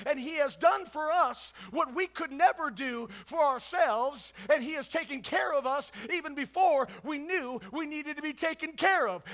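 A man preaching a sermon at a church service, swinging between fervent shouts and hushed, quiet passages. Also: very high-pitched. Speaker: pastor.

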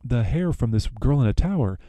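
A man voicing a female baker's wife, listing things off briskly in a near-natural voice. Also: medium pitch, big pitch swings, mellow, no echo. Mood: explaining.

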